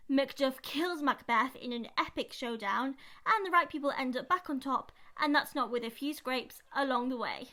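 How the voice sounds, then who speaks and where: Bright, upbeat young British woman. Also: sits high. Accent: British English. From Britain. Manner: energetic, playful, conversational. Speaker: drama workshop leader. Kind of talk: lively teaching to camera. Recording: echoey room.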